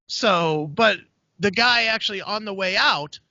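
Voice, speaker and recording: A man hosting a podcast, telling a story in a casual, profane, animated way. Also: high-pitched, a little slow, gravelly, no room sound. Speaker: podcast host. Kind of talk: casual chat. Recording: dry, dull lo-fi sound.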